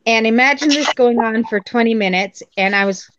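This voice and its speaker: A woman's voice: on the high side, brisk, fairly bright tone, highs cut off. A woman from Newfoundland with a faint Newfoundland accent, telling stories in a casual group chat and laughing often. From Newfoundland, Canada. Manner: chatty storyteller, laughs often.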